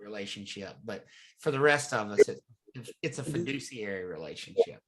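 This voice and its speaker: A man's voice: on the low side, animated, moderate pace, crowd noise. A man teaching a real estate class, talking conversationally and often asking the students questions. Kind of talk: live classroom lecture. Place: classroom or live online class.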